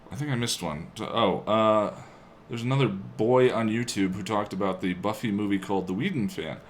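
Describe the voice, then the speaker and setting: A man's voice: lowish voice, moderate pace, a little hiss or hum. A man live-streaming his video editing, chatting casually with viewers and muttering to himself while he works at a home desk.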